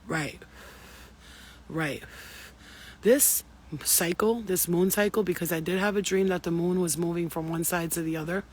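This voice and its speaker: A woman's voice: on the low side, fairly even intonation, normal speed, pauses often, slight background noise. A woman giving an intuitive spiritual reading to her viewers, talking in a profane, emphatic and preachy way. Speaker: spiritual reader.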